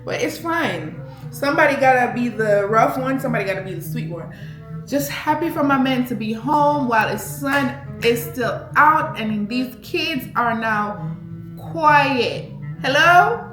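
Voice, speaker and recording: Lively woman vlogger, slightly high voice. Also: slow, roomy sound, over music. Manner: animated, expressive storyteller who laughs often. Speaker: vlogger mom. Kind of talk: casual storytime vlog. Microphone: handheld camera.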